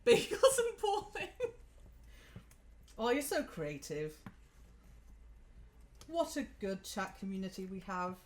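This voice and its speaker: A woman's voice: medium pitch, sing-song, takes it slowly, long pauses. A woman hosting a live cooking stream from her home kitchen, chatting casually and giggling as she talks through each step.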